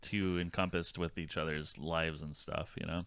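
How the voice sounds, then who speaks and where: A man's voice: a bass voice, level tone, moderate pace, gravelly, fairly bright tone, clear, resonant tone, dry recording. A man co-hosting a podcast in casual comedic banter, laid-back, laughing often and swearing. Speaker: podcast co-host.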